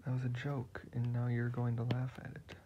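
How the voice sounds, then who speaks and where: A man's voice: mid-range voice, completely flat delivery, moderate pace. A man chatting casually about what he is drawing, rambling and joking as he goes. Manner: rambling, jokey. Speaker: video creator. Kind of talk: casual narration while drawing. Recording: muffled lo-fi recording with hiss.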